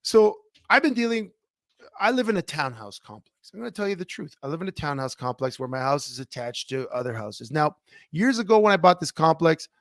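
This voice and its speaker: A man co-hosting a casual podcast, with a slightly high voice. He rambles and restarts as he tells a story. The sound is close and dry, with no room in it. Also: fairly quick, no room sound. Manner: animated, rambling, self-interrupting. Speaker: podcast co-host.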